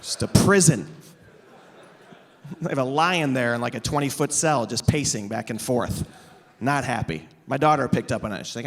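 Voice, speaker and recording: A man's voice: mid-range voice, moderate pace. A man in his thirties doing stand-up on stage into a microphone, sarcastic and teasing the audience. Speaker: comedian. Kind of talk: stand-up comedy. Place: stage before a live audience. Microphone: amplified stage microphone.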